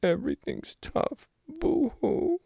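A man's voice: extremely high pitch, big pitch swings, vocal fry, dark tone, no room sound, clean studio sound, voice pushed up, exaggerated voice. A man putting on a gloomy, self-pitying version of himself, moping and sighing through his complaints. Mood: whiny, despairing. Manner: mopey, sighing, drawn-out complaints.

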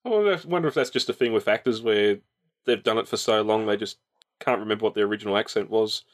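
Fast-talking man podcast guest. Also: on the low side. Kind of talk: casual chat.

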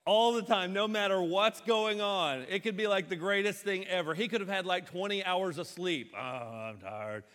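A male pastor delivering a sermon with a slightly raised pitch, his voice carrying through the long reverb of a large church hall. He tells stories lively, dropping into low, drawn-out impressions and then lifting back into bright emphasis. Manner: storytelling, shifts between low mock-weary impressions and bright emphatic delivery.

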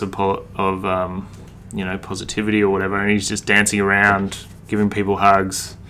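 Australian man, thirties, lowish pitch, bright forceful tone, laid-back rambling chat, swears a lot. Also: slight background noise. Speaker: street artist, interview guest. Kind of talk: casual interview chat.

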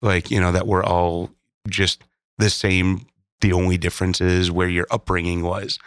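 Man, low voice, dry close sound, casual hedging podcast chat, swears freely. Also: level tone, moderate pace, no room sound. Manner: laid-back, swears casually, hedges often. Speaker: podcast co-host.

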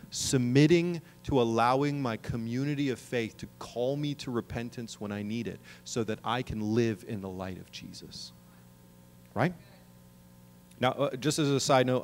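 Male pastor, middle-aged, earnest sermon delivery with emphatic peaks, mid-pitched voice. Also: darkish tone. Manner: earnest preaching, rising to emphatic calls.

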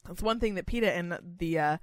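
A woman co-hosting a casual comedy podcast, telling a story with lots of swearing and loud acted-out quotes. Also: lowish voice, fairly quick, dry recording, clean studio sound. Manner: profane, animated storytelling, loud put-on quotes. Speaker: podcast co-host.

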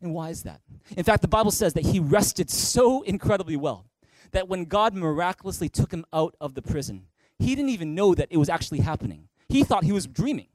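A man preaching a sermon as pastor in an animated way, building to emphatic peaks and asking the listeners direct questions. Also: high-pitched, brisk, no room sound. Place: church stage.

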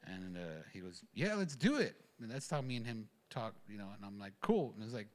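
This church member's personal testimony comes out rambling and casual, packed with fillers and restarts. His fairly low, somewhat mellow voice swings widely in pitch at a brisk pace.

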